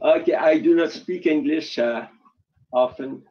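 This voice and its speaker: A man's voice: a little high, muffled recording. A man from Quebec with a Quebec French accent, a native French speaker, asking questions carefully as a caller. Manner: careful, deliberate phrasing.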